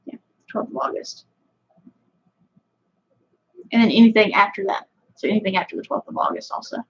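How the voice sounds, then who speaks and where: A woman's voice: medium pitch, wildly swooping pitch, normal speed, vocal fry, slightly rough, highs cut off. A woman with a Southern US country accent hosting a casual livestream, chatting with viewers in a rambling way full of fillers. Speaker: fishing channel host.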